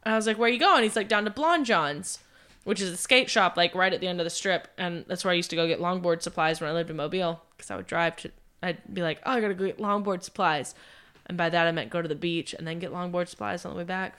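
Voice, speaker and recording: A woman's voice: lowish voice, fast, fairly bright tone, clean tone. A young woman, a podcast co-host, telling a story in casual chat, acting out quotes and swearing freely.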